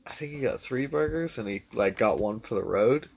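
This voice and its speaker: Gravelly laid-back man telling a story. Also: mid-range voice, animated, brisk, a little mellow, a little hiss or hum. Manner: laid-back, swears freely, says "dude" and "like" a lot. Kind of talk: casual storytelling chat.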